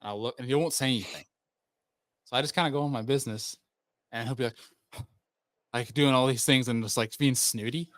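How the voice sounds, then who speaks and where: A man's voice: mid-range voice, a little fast, long pauses, no echo. A man hosting a podcast, telling stories in a casual chat and acting out the people in them. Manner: animated storyteller, acts out quoted people. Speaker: podcast host.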